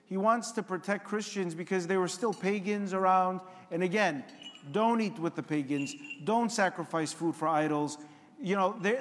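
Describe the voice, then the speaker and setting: Male priest, high-pitched, chatty sermon delivery, echoey church. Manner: conversational, asks the congregation questions.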